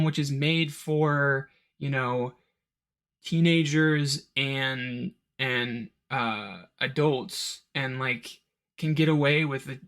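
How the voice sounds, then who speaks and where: A man's voice: a little high, a bit bright. A young man hosting a solo film review podcast, ranting in an exasperated, rambling way with many restarts and fillers.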